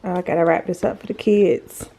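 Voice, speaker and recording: A woman chatting casually to her viewers in a daily vlog, slipping into high baby talk when she speaks to her dog. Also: a little fast, a little hiss or hum, low-quality recording. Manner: relaxed, chatty, talks to viewers as y'all. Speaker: vlogger.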